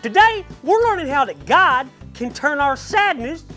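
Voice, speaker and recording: A woman playing a cheerful Cajun bayou character who talks in a folksy, sing-song drawl, swooping high and lively with every phrase. A light music bed plays softly under this kids' church video. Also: a little slow, heavily acted. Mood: upbeat. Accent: Cajun Louisiana. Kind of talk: children's church video segment.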